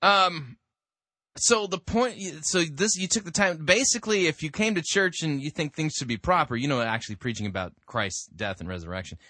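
A man's voice: on the high side, lively intonation, moderate pace, bright, forceful tone, no echo, clean studio sound. A man giving sarcastic commentary on a sermon, with laughing asides. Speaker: podcast host mocking a sermon.

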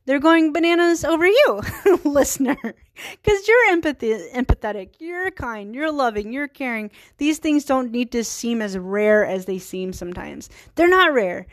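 High-pitched with lively intonation, a woman in her thirties talks a little slowly through her casual solo podcast, recorded dry. She's chatty, giggly and earnest, often laughing at her own expense.

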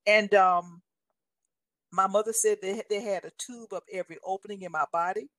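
A woman's voice: mid-range voice, steady tone, moderate pace, fairly bright tone, no echo. A woman in her sixties telling a personal faith testimony in an earnest, storytelling way, often passing on what others told her. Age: 60s. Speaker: guest sharing a testimony.

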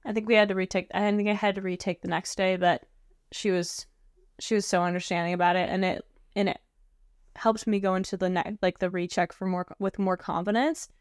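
A woman's voice: mid-range voice, steady tone, clear, resonant tone, no echo, studio quality. A woman co-hosting a podcast about flight training, agreeable and supportive as she shares her own check-ride story. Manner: agreeable, supportive, quick to affirm. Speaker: podcast co-host, flight instructor. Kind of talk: casual chat.

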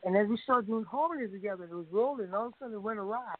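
A man's voice: high voice, racing, dry recording. American guy rambling through a story, laughing a lot, tinny phone sound, dead dry. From United States. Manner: rambling, laughs often, frequent filler and restarts. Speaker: guest musician. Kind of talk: anecdotal storytelling.

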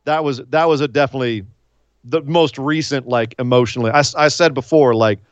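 A man co-hosting a casual podcast, excitable and animated, acting out big moments with shouts and laughs. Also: medium pitch, brisk, smooth, no echo, highs cut off. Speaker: podcast co-host.

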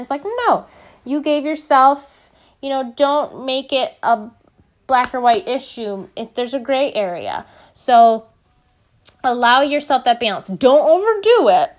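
A woman's voice: a little high, expressive, unhurried. A young woman giving casual motivational fitness talk, chatty and candid with many fillers.

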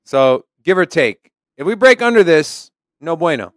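A man's voice: on the high side, sing-song, moderate pace, no echo, studio quality. A man co-hosting a podcast in casual chat, explaining price charts and joking with his co-host.

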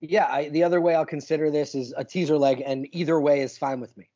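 A man's voice: fairly high pitch, fairly even intonation, quick pace, mellow, highs cut off. A man co-hosting a sports betting podcast, casual, laid-back and self-deprecating.

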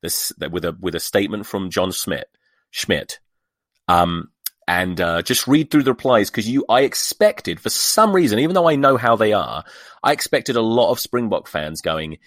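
A sweary man hosts his own podcast in a lowish voice, dripping with sarcasm and exasperation. The recording is dry and close, with no room sound around him. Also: lively intonation, normal speed, dry recording. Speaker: podcast host. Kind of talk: solo podcast rant.

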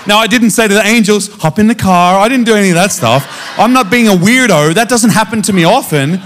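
Animated man preaching. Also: high-pitched, a little fast. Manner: animated storytelling, acting out dialogue with frequent restarts. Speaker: guest preacher. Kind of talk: sermon with personal testimony.

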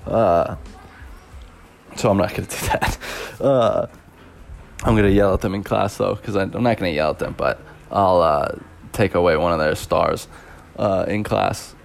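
A man's voice: low-pitched, moderate pace, gravelly, pauses often, a little hiss or hum. A young man hosting a podcast, telling stories from his teaching job in a rambling, laughing way, full of fillers. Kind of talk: casual storytelling podcast.

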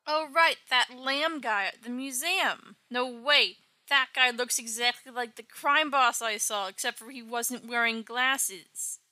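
Woman doing an earnest millionaire hero guy thinking out loud, bright voice, dry sound. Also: fairly high pitch, measured pace, hardly any pauses, no room sound. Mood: puzzling. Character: earnest male millionaire hero, puzzling things out.

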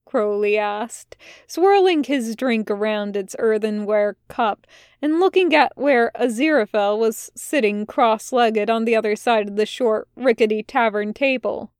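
Woman narrator for a storybook audiobook, fairly high voice, dry close recording. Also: a little slow, clear, resonant tone, dry recording. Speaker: fanfiction audiobook reader.

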